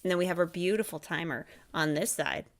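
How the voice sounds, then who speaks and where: A woman co-hosting a podcast, chatting casually and playfully during a live watch-along. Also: fairly low pitch. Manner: playful, teasing, quick to laugh. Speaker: podcast co-host.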